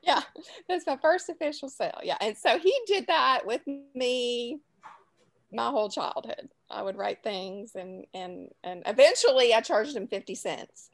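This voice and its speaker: A woman's voice: a little high, lively intonation, unhurried, gravelly. A middle-aged woman with a Southern US accent, chatting as a guest author in a casual interview, rambling and laughing easily. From Louisiana.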